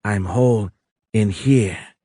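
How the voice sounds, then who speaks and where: A man voicing a calm, wise alien woman with a foreign accent, speaking slowly and explaining patiently in an audiobook. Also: lowish voice, no echo, studio quality. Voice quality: foreign accent, soft raised voice. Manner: slow, measured, explanatory.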